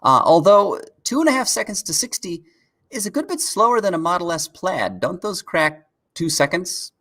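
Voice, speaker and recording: A man's voice: sits high, sing-song, moderate pace, pushed and bright. A man co-hosting a casual car news live stream, chatting easily and chuckling now and then as he reads out viewer questions. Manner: laid-back, chuckles often, reads out chat questions. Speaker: co-host of a car news show.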